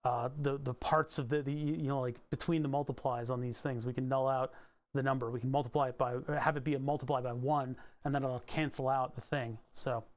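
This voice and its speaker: A man's voice: medium pitch, steady tone, a little fast. A man from Pennsylvania hosting a casual live stream, thinking aloud as he works through code, rambling with restarts and asides. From Pennsylvania, USA.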